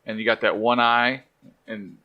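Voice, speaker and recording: A man's voice: mid-range voice, level tone, a little slow, highs cut off. A man co-hosting a podcast, telling odd stories in a loose, jokey way. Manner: jokey, digressive storyteller. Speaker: podcast co-host. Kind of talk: casual chat.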